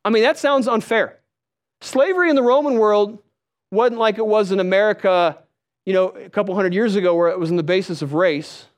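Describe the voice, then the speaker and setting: A man preaching a sermon, telling stories with lively delivery and calling out questions to the congregation. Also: sits high, brisk. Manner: storytelling, animated, calls out to the crowd.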